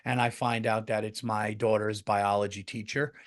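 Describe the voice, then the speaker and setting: A man's voice: lowish voice, normal speed. Middle-aged man telling comic stories. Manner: animated storytelling, jumps into loud acted-out quotes, swears freely. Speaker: comedian podcast host. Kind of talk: casual comedic monologue.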